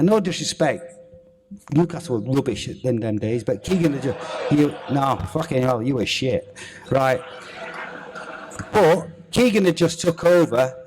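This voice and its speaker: A man, a former footballer telling a lively, swearing anecdote on a theatre stage. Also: mid-range voice. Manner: swearing, animated anecdote telling with acted-out quotes. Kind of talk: on-stage storytelling. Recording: reverberant theatre hall.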